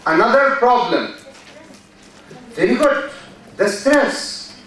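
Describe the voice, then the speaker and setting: Slow, high-voiced Egyptian lecturer in an echoey hall. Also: male voice, fairly bright tone, distant mic. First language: Arabic. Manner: slow and repetitive, echoing students' answers and praising them. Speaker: university lecturer. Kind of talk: classroom lecture with questions to students.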